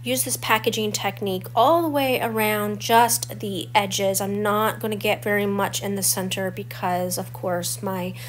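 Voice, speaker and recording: A woman in her forties talks through a crafting tutorial in a chatty, explanatory way. Her voice sounds stuffy and a little crackly from a cold. Her pitch sits in a middle range, and a faint hum runs underneath. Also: steady tone, measured pace, few pauses. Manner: chatty and explanatory, walking through each step. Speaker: scrapbooking channel host.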